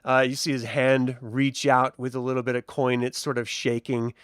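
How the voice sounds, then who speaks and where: A man's voice: mid-range voice, level tone, normal speed, fairly bright tone, clean tone, dry recording. Man narrating a tabletop game, dry sound. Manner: casual, rambling with fillers. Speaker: storyteller.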